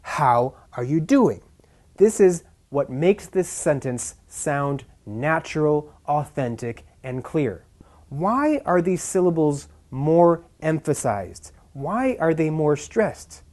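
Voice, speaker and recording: A man leads a scripted English pronunciation lesson, leaning hard on the stressed syllables. His pitch swings widely as he demonstrates rhythm. He speaks slowly, in a mellow tone. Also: big pitch swings. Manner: slow, deliberate, exaggerated stress on key syllables. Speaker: pronunciation teacher.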